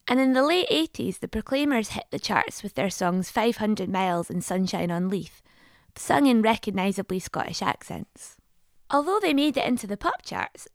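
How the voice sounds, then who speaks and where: Lively, slightly gravelly woman narrator. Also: mid-range voice, no echo, clean studio sound. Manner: clear, measured, explanatory. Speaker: podcast host and narrator. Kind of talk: scripted documentary narration and interviewing.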